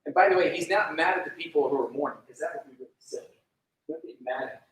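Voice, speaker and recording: A man with a slightly high voice talks fast, with slight background noise, in a distant recording from an echoey room. As a youth pastor giving a laid-back sermon, he fills it with "like," poses questions to the room and acts out prayers in funny little voices.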